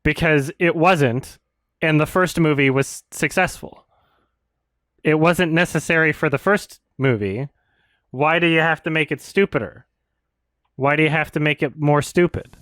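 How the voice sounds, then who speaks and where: A man with a bright, sharp voice complains about a film in casual, profane terms. He is sarcastic and exasperated, and the sound is dry and close with no room behind him. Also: a little high, unhurried, no room sound. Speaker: video commentator.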